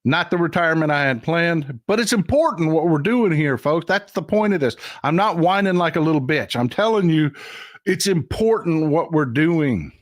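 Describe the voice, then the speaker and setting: A man's voice: on the high side, lively intonation, moderate pace, dry recording, clean studio sound. An older man hosting a casual livestream, talking bluntly and with profanity while he reads out and thanks viewers' comments. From Texas. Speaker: livestream host.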